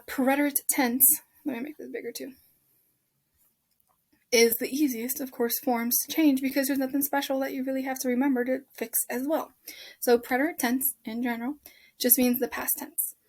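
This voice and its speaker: A woman's voice: a little high, a little mellow. A woman teaching a Spanish lesson over a shared screen, chatty and correcting herself as she goes, often checking in with "right?".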